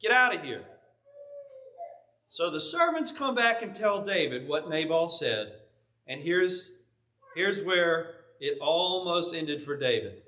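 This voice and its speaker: A pastor retelling a story in a folksy, animated sermon style. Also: male voice, fairly high pitch, takes it slowly.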